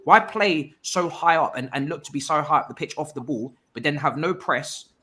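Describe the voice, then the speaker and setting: A man's voice: a little high, moderate pace, husky. A man with a London accent, co-hosting a casual football podcast and arguing animatedly. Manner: animated, argumentative. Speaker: podcast co-host.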